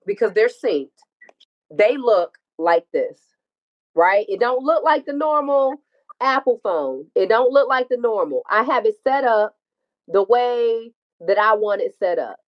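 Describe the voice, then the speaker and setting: Woman w aave telling her story, acts out every line, kinda high voice, muffled livestream sound. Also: measured pace. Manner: animated, acts out dialogue, swears freely. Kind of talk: emotional personal storytelling.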